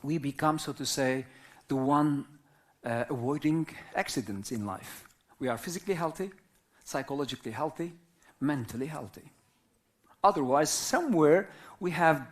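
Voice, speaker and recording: A mid-range voice with lively intonation belongs to a man in his fifties from Turkey, a native Arabic speaker leading a live, reflective session on whirling dance. His English is simple and non-native, and he proceeds slowly and philosophically, regularly checking that listeners are with him.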